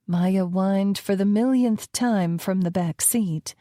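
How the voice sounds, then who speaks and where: A woman narrating a romance audiobook in the first person, calm and measured. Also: mid-range voice, no echo, clean studio sound.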